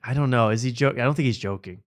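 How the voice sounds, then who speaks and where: A man's voice: mid-range voice, racing. Sarcastic male comedy podcast host. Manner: sarcastic, jokey, laughing often. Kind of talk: comedic reaction commentary.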